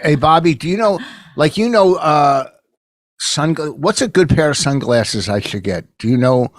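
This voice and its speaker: A man's voice: a little high, expressive, moderate pace, no room sound. Loose, rambling man on a podcast. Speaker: podcast co-host. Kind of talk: casual podcast banter.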